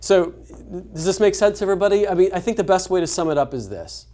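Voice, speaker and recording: A man's voice: high-pitched, lively intonation, fast, dark tone. A man hosts a live webinar in an easy, conversational way. He leans on fillers and restarts his sentences as he thinks aloud. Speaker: webinar host. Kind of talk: casual webinar discussion.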